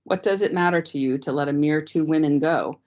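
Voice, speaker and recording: A woman's voice: low voice, a little fast, a little mellow, lightly acted. A woman reading aloud, voicing a frightened young mother who pleads with a shaky voice, on dull lo-fi meeting audio. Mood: pleading.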